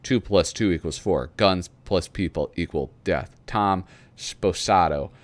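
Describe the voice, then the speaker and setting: Casual male host, low pitch, dry close mic, chuckly rambling commentary. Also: no room sound. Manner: chuckling, rambling, reads letters aloud slowly. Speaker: host flipping through a magazine. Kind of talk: casual commentary reading aloud.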